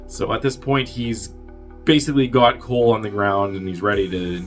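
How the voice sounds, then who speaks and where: Low-voiced man rambling through a movie recap. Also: steady tone, faint music behind. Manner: rambling and offhand, with quick impressions of characters. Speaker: podcast host.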